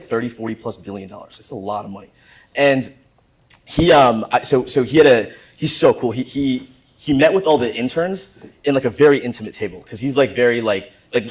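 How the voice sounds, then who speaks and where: A young man in his twenties, a guest speaker telling a rambling, animated story to a live audience, with lots of filler words. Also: medium pitch, slightly rough.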